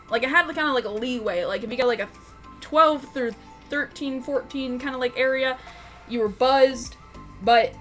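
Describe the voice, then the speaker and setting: A woman's voice: fairly high pitch, fairly bright tone. A woman telling an unscripted tabletop game story, rambling, swearing and laughing. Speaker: YouTube storyteller, game master.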